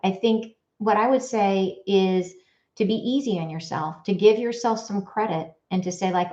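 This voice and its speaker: A woman giving spiritual guidance in a live question-and-answer chat, gentle and reassuring, often restarting her sentences. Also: medium pitch, normal speed. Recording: roomy and dull, lo-fi.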